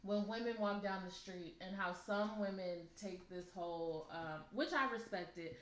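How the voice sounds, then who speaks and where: A woman's voice: medium pitch, unhurried. A married woman co-hosting a casual chat, speaking earnestly and thoughtfully, often restarting her sentences. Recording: echoey room with faint background hum.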